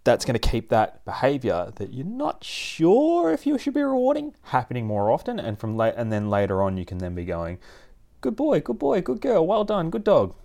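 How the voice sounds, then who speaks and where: A man with a somewhat low voice hosts a relaxed advice podcast about training dogs. He explains each point in plain, chatty language, often circling back and restarting a sentence. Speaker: dog trainer podcast host.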